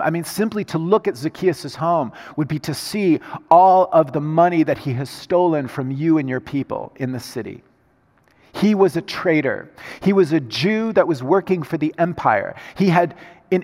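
A man preaching a sermon, moving between hushed, slow lines and loud, emphatic passages. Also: fairly high pitch. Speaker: pastor. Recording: reverberant hall sound.

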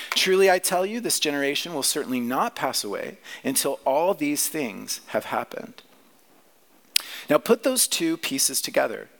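A man's voice: mid-range voice, a bit bright. A man preaching a sermon, teaching through a scripture passage in a conversational way and often asking the listeners questions. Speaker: pastor.

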